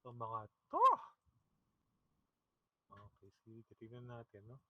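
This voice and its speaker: A man's voice: medium pitch, fairly even intonation, measured pace, dry recording, dull audio. A man with a Filipino accent teaching a math class online, casual and chuckling, often checking in with "okay?". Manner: mixes English and Tagalog, often checks with "okay? no?".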